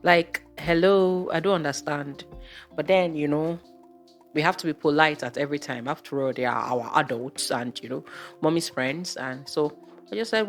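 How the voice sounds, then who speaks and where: Low-voiced woman vlogger. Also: normal speed, soft background music. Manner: chatty, exasperated, rhetorical questions. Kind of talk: casual storytelling monologue.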